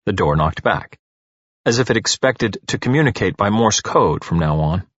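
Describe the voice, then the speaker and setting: Expressive male audiobook narrator, husky voice, dull lo-fi recording. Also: lowish voice, normal speed, no room sound. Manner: expressive, storytelling.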